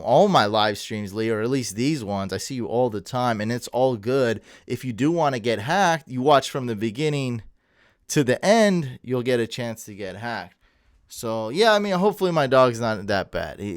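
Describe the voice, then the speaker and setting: A tired livestream host chats casually from a room at home late at night, rambling in a friendly way as he reads viewer comments, thanks people, and stumbles over names. His voice is a little low, clear and smooth. The recording is close and dry, with no room sound.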